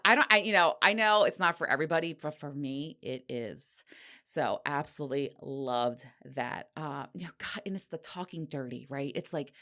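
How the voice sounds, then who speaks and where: A middle-aged woman with a low voice hosts her own podcast alone. She talks frankly and breathlessly, laughing and sighing as she goes. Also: moderate pace, pushed and bright. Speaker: podcast host. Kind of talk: candid solo podcast monologue.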